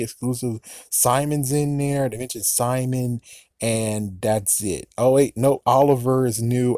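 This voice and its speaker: A man's voice: mid-range voice, mellow, no room sound, clean studio sound. Ranting man in casual commentary. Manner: ranting, swears often, laughs between remarks. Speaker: YouTuber giving opinions.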